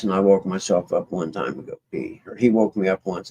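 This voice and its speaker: A man's voice: deep voice, fairly quick, hardly any pauses, warm tone, slightly rough, poor audio. A man chatting casually with his livestream viewers, rambling in a folksy way and often trailing off and starting over. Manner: meandering, folksy, trails off and restarts. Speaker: livestream host.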